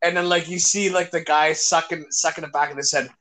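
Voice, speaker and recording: A man's voice: a little high, fairly even intonation, brisk, fairly bright tone. Foul-mouthed man retelling cartoon scenes. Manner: swears constantly, retells comedy scenes. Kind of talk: casual chat.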